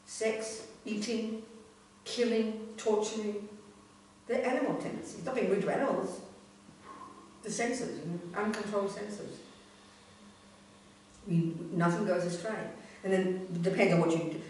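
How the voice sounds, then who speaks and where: A Buddhist nun teaches in a blunt, earthy, emphatic manner. Her voice rings around a very echoey hall and is picked up from a distance, with faint noise underneath. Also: medium pitch.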